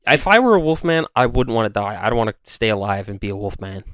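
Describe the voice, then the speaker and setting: A man's voice: lowish voice, very animated, fast, fairly bright tone, no room sound. Dry-voiced sarcastic man, casual podcast. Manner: sarcastic, argumentative, swears freely. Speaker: podcast co-host. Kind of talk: casual chat.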